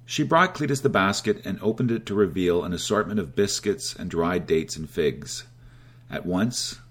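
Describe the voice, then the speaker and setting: Male narrator for a fable: steady delivery, low and breathy-husky tone. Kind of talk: storytelling narration.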